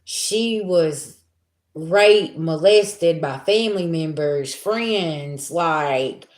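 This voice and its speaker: A woman's voice: low-pitched, very slow, darkish tone. A woman giving a live spiritual reading as a psychic, talking in a blunt, emphatic, slangy way. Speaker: psychic reader. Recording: roomy echo.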